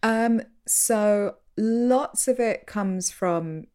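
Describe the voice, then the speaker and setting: A woman talking casually as a radio curator in an interview, chatty and animated, often laughing as she makes her points. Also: mid-range voice, extremely slow.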